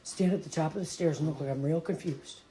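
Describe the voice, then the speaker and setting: A woman's voice: low voice, fast, mellow, a little hiss or hum, lightly acted, poor audio. A woman voicing her confused, hungry male cat, speaking in a puzzled, plaintive way.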